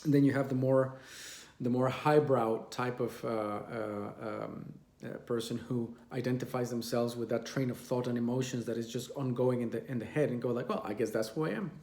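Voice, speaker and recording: A man's voice: medium pitch, little pitch movement, normal speed, a little mellow, roomy sound. A man giving a casual, rambling talk on meditation as its teacher, with many restarts and fillers. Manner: mimics others in quoted asides.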